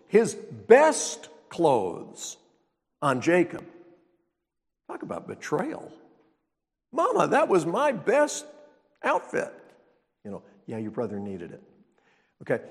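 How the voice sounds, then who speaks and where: A man's voice: on the high side, a little mellow. A man preaching a sermon as pastor, teaching in a conversational way and asking the congregation rhetorical questions. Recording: long reverb of a large hall.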